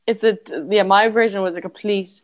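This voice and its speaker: An Irish woman, the guest on an interview podcast, chatting casually and laughing easily. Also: mid-range voice. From Galway, Ireland. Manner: giggly, animated, quick to laugh. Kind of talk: casual chat.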